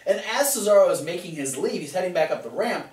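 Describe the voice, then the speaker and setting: A man's voice: high-pitched, lively intonation, fast, distant mic. A man casually recapping wrestling with a co-host, retelling scenes and mimicking the wrestlers' lines. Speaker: podcast co-host. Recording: echoey room, voice off-mic.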